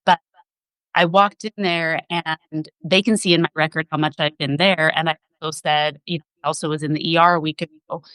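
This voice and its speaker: A woman's voice: sits low, steady tone, brisk, fairly bright tone, clear, resonant tone, no room sound, low-quality recording. A woman physician assistant, a podcast guest, telling a personal story in an earnest, emotional way.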